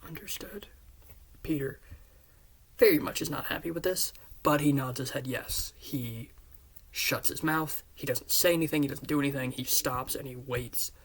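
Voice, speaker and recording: A man earnestly retelling the scenes of a story pitch he wrote, often dropping into hushed half-whispers. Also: moderate pace, breathy edge. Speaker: fan pitching a series.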